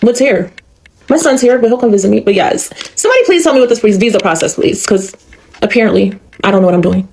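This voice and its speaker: A woman's voice: medium pitch, lively intonation, fast, a little mellow, a little hiss or hum. Exasperated woman ranting to camera. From United States. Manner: frustrated, exasperated, rhetorical questions. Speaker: vlogger. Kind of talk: casual selfie video rant.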